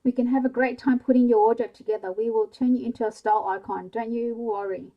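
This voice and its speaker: A woman voicing a teasing, excitable younger sister in a whispered bedtime story. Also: a little high, fast, phone-quality sound, voice pushed up, natural voice. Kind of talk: whispered role-play.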